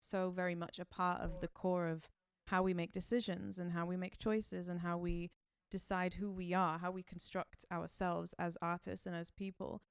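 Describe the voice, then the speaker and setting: A woman co-hosting a podcast, speaking calmly and reassuringly in reflective casual chat. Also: on the low side, normal speed, vocal fry, hardly any pauses, smooth, dry recording. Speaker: podcast co-host.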